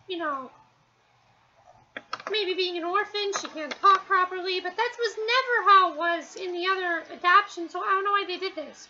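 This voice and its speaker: A woman's voice: very high voice, pushed and bright, highs cut off. A woman from New Jersey chatting casually in a review, rambling and hesitant with lots of fillers.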